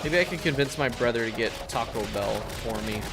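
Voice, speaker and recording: A man's voice: medium pitch, fairly quick. A young man casually chatting and swearing while he streams a game. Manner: chatty, swears often, rambling. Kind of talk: casual gameplay commentary. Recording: game music behind.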